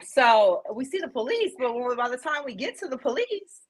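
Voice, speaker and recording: A woman's voice: high-pitched, normal speed, poor audio. Blunt, profane woman telling a story. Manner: blunt, profane street talk; lively, animated storyteller. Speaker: podcast guest. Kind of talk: casual storytelling interview.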